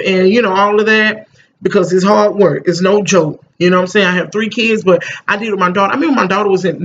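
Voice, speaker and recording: A woman's voice: mid-range voice, fairly bright tone, lo-fi sound, slight background noise. A middle-aged mother talking casually to the camera, emphatic and rambling, often repeating "you know what I'm saying.". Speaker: parent vlogger.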